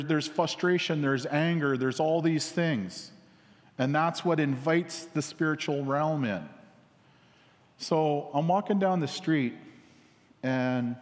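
A man telling a parable in a casual, repetitive sermon, with many fillers and restarts. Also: on the high side. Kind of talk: rambling storytelling sermon. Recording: long hall reverb.

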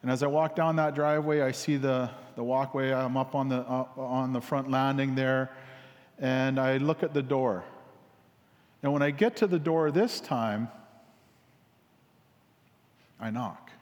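A man's voice: mid-range voice, fairly even intonation, moderate pace, a little mellow. Rambling man in an echoing hall. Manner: repetitive, casual, many fillers. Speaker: speaker telling a parable. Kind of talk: rambling storytelling sermon. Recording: long hall reverb.

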